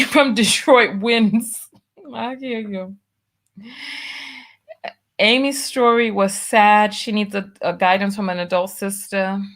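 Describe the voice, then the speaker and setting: A woman's voice: mid-range voice, a bit bright. A woman hosting a live stream in a casual chat, reading comments aloud in a drawling, exclamatory way. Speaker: host.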